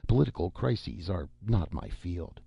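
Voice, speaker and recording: A man's voice: sits low, very animated, measured pace, gravelly, husky, no echo, heavily acted. A man reading as a mild older scientist. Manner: mild, academic, politely insistent. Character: thoughtful older male scientist inventor. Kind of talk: scripted audiobook narration. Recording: dull lo-fi recording.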